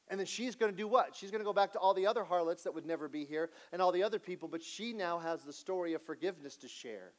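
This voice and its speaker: A pastor delivering a sermon, earnest and direct. He moves between lively asides and quiet, hushed emphasis. His voice sits a little high for a man. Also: fast talker, few pauses.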